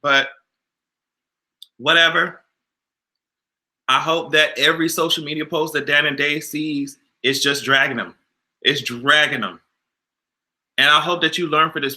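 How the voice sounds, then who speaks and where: A man hosting a casual livestream, animated and exasperated, swearing freely and answering his chat. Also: on the high side, a little slow, long pauses. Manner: animated, exasperated, profane, talks back to chat. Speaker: YouTube livestream host.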